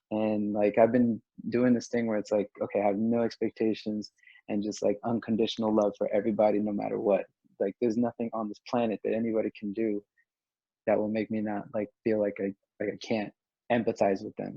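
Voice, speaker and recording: A man's voice: on the low side, gravelly, mellow, husky, no room sound. A young man speaking as a podcast guest in casual group discussion, earnest and rambling with lots of filler words. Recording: dry, dull lo-fi audio.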